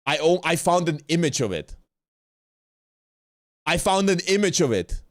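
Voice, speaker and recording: A man's voice: on the high side, big pitch swings, measured pace, dry recording, studio quality. A man streaming a watch party who rants in casual chat, swearing often and repeating himself. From Bosnia.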